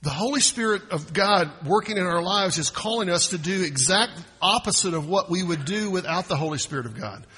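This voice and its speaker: A man's voice: high voice, expressive, fairly quick, hardly any pauses, bright, forceful tone, breathy edge, long reverb tail. A man preaching a sermon in a conversational, folksy way, often restarting his phrases. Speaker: pastor.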